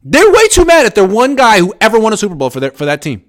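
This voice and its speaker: Animated, sarcastic man talking sports. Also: fast. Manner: animated, sarcastic, jumps up in pitch for emphasis. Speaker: sports show host reading viewer comments. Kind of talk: casual live sports chat.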